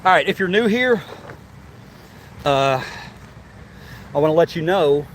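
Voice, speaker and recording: A man's voice: a little high, animated, a little slow, a little hiss or hum. A man giving a casual, laughing live tour of a zoo, chatty and a bit winded as he walks. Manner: chatty, laughing, repeats himself. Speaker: vlogger touring a zoo. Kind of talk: casual live-stream chat. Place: outdoors at a zoo.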